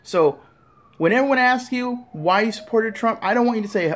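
A man's voice: sits high, animated, normal speed, a bit bright. A man giving an angry, profane rant straight to camera, scolding listeners and repeating himself. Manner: profane, heated, repetitive, scolding. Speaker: vlogger.

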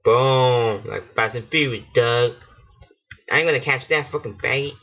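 A man giving casual let's-play commentary, excitable and swearing, laughing at himself. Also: mid-range voice, unhurried. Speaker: gaming channel host. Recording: dull lo-fi home mic.

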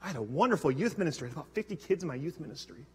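A man's voice: fairly high pitch, expressive, racing, a little mellow, slightly rough. A male pastor preaching a sermon, telling personal stories conversationally with self-deprecating humor. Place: church sanctuary. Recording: long hall reverb.

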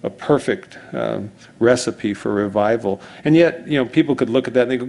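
A male pastor delivers a relaxed, conversational sermon, telling it like a story with wandering asides and restarted sentences. His gravelly voice sits at an ordinary middle pitch for a man and moves a little fast.

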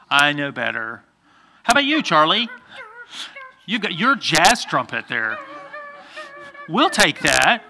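A man's voice: fairly high pitch, huge pitch swings, slow, long pauses, sharp tone. A man pastor giving a playful children's sermon, coaxing the kids by name to join in.

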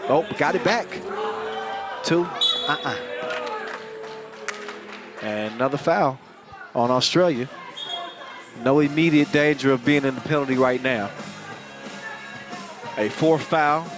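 A man calling a basketball game live, joking and energetic, getting louder on big plays. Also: medium pitch, takes it slowly, pauses often. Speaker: play-by-play commentator. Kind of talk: live sports commentary. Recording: crowd and music under the commentary. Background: arena crowd and music.

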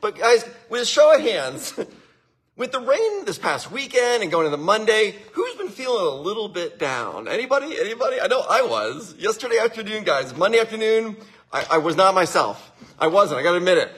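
A man hosting a motivational livestream, energetic and laughing often as he greets viewers by name. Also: high voice, fairly quick, breathy edge. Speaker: winery livestream host. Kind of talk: upbeat motivational livestream talk.

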